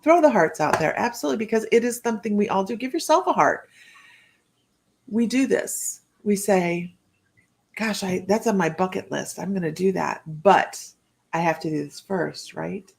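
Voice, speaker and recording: A woman's voice: mid-range voice, expressive, normal speed, creaky. Woman hosting a chatty live stream. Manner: chatty and rambling, laughs often, greets viewers by name. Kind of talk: casual live-stream chat reading viewer comments. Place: home, indoors.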